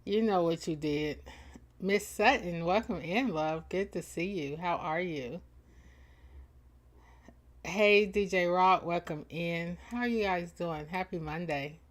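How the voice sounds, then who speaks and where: A woman's voice: fairly low pitch, slow. A woman hosting a casual livestream, greeting viewers by name with playful, teasing banter and frequent laughter. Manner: laughs often between lines. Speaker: livestream host and chat moderator.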